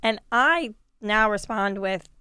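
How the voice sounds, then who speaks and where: A woman's voice: medium pitch, expressive, sharp tone, clear, resonant tone, no room sound, clean studio sound. A woman comedian, a guest in a casual podcast chat, who talks bluntly, swears freely and laughs often. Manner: blunt, profane and quick to laugh.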